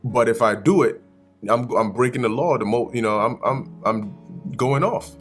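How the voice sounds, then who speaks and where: A man's voice: medium pitch, moderate pace, soft background music, natural voice. A man voicing a stressed, cornered righteous woman. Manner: flustered, stumbling.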